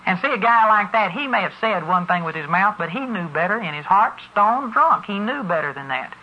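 A man's voice: high voice, lively intonation, fairly quick, slight background noise. A man preaching a sermon in a folksy, storytelling way. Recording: muffled lo-fi recording.

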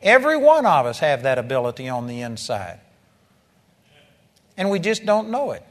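A man's voice: on the high side, huge pitch swings, normal speed. A man preaching a sermon to a congregation, impassioned and repetitive, building to emphatic peaks. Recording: long reverb of a large hall.

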